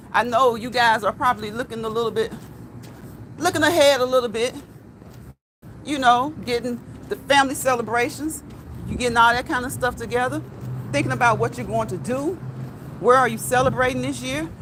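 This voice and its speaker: A woman with a high voice talks casually to her live viewers as she walks outdoors, reading their comments aloud. She repeats herself and keeps checking in with "okay?" and "right?". Cars and a passing train are plainly heard around her on the street. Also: moderate pace, fairly bright tone. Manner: chatty, repeats phrases, ends lines with "okay?" and "right?". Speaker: live-stream host. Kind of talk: casual live-stream chat while walking. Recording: outdoor street with traffic noise.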